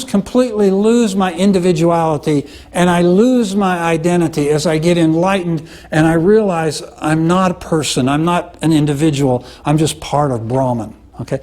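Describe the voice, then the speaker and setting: A male teacher giving a conversational classroom lecture, often checking in with "okay?" and "right?" and pausing on "uh". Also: on the high side, darkish tone. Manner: explains with frequent "okay?" and "right?" check-ins; conversational, with many "uh" fillers and restarts.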